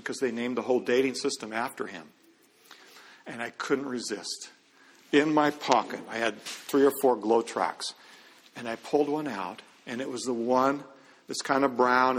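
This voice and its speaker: A man's voice: medium pitch, fairly bright tone. A middle-aged man giving an earnest, conversational testimony as a Christian businessman, with quoted dialogue. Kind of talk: storytelling testimony. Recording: long hall reverb.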